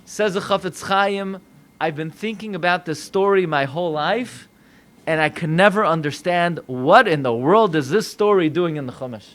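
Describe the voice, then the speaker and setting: An American man, a rabbi, preaching a sermon with animated delivery, acting out voices in dialogue. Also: sits high, moderate pace. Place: synagogue.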